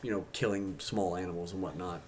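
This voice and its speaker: A man in his thirties hosting a livestream, picking apart a film's psychology in a casual, halting way, restarting his sentences often. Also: low voice, fairly even intonation, a little mellow, slight background noise. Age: 30s. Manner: analytical, halting with many restarts. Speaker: stream host.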